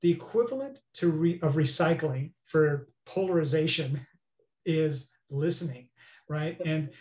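Speaking as an interview guest, this expert makes his points earnestly and keeps asking "right?" to check in. He talks a little slowly in a fairly high, slightly mellow voice, recorded with a roomy echo.

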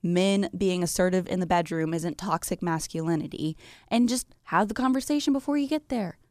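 A woman's voice: on the low side, darkish tone, dry recording, clean studio sound. Blunt, opinionated woman radio co-host. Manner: blunt, opinionated, quick quips. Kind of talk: casual on-air chat.

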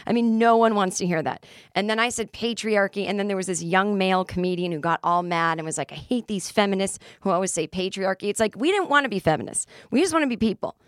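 A woman's voice: medium pitch, expressive, quick pace, few pauses, no room sound, clean studio sound. A middle-aged woman hosting a solo podcast, ranting sarcastically and acting out imagined conversations. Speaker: podcast host. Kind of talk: casual solo podcast monologue.

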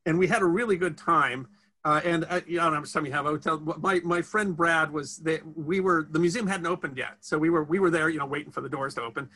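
A man's voice: a little high, brisk, sharp tone. A man chatting in an interview about his history channel travels, rambling with many fillers and restarts. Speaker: history video host, guest. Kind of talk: casual interview chat.

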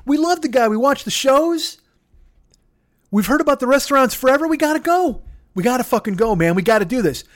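A man voicing an excitable, pushy male sheep who rallies a herd of goats and curses as he urges them on. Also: very high-pitched, fairly quick, voice pushed up. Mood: rallying. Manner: urgent, rallying, profane.

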